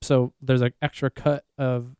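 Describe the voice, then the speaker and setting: A man hosting a podcast in casual chat, talking excitedly and rambling in quick bursts. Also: mid-range voice, clear, resonant tone, dry recording. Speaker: podcast host.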